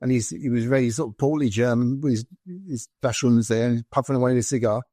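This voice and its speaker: A British former soldier, appearing as a podcast guest, tells army stories in a conversational way. His mid-range voice moves a little fast through animated anecdotes full of quoted dialogue. The studio-quality recording has no echo.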